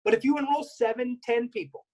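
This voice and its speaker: Male seminar presenter, husky tone, energetic, drives points home by repetition. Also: very high-pitched, fairly quick, rough recording. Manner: energetic, repeats key points, acts out remembered dialogue. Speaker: network marketing workshop presenter. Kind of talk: seminar talk.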